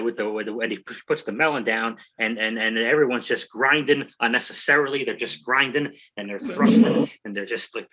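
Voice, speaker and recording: A man's voice: mid-range voice, pushed and bright, low-quality recording. A man recapping a movie for laughs on a podcast, rambling and profane, tripping over his words and joking at his own expense. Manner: rambling, profane, self-mocking storytelling with stumbling restarts. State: out of breath. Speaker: comedy podcast host.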